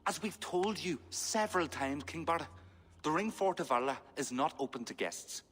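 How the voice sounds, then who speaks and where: A woman's voice: deep voice, lively intonation, moderate pace, breathy edge, in a large hall. An actress playing a stern, impatient Irish noblewoman with a clipped, firm delivery, in video game dialogue.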